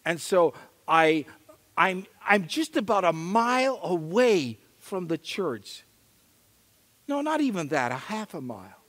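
High-voiced pastor preaching in a reverberant hall. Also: male voice, slow pace. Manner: animated, acts out quoted voices, chuckles at himself. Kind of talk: sermon with storytelling. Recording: long reverb of a large hall.

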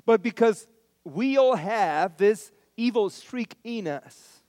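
A man's voice: sits high, animated, slow pace, darkish tone, no echo. A man preaching a sermon as pastor, telling stories in a conversational way and repeating lines for emphasis.

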